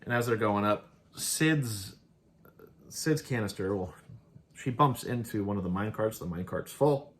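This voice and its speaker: Animated yet a little slow, a low-voiced show host walks through an episode recap. He rambles, breaks into laughter often, and casually quotes the characters.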